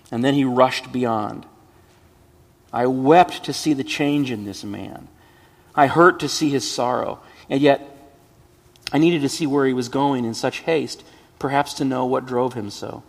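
A man reads a story aloud with measured, expressive pacing, dropping softer at the sad passages. His mid-pitched voice has a gravelly texture. A long reverb trails each phrase, as in a large hall. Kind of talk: dramatic story reading.

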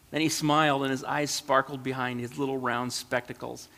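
A man reads a storybook aloud in a gentle, measured voice. His pitch is middling, and a long hall reverb lingers behind each phrase. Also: little pitch movement. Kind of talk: storybook reading.

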